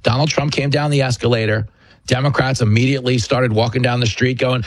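A male talk show host delivering a forceful, emphatic monologue. His voice is husky at a medium pitch. The recording is dry and close with no room sound. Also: fairly even intonation, a little fast, dry recording. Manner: combative, emphatic storyteller. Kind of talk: political commentary monologue.

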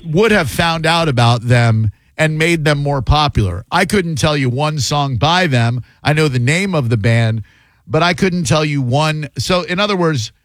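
A man's voice: on the high side, no echo. Wry, opinionated radio host, a man. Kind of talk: casual call-in banter.

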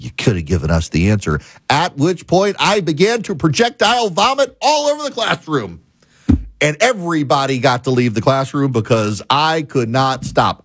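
A man's voice: medium pitch, animated, normal speed, no room sound. A middle-aged man hosting a talk radio show, telling stories emphatically and building to a punchline.

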